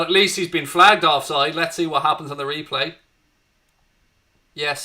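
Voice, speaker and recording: A man's voice: on the high side, steady tone, normal speed, pushed and bright. An Irish man hosting a live fan watchalong, chatting with viewers and calling the match action. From Ireland. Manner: chatty, greets viewers and reads their chat, lifts up at match action.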